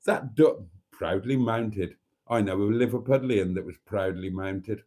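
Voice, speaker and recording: A man's voice: fairly low pitch, measured pace, dark tone. A Welsh man hosting a casual livestream in a theatrical, camp, chatty manner, reading out viewers' comments. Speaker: livestream host. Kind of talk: casual live chat.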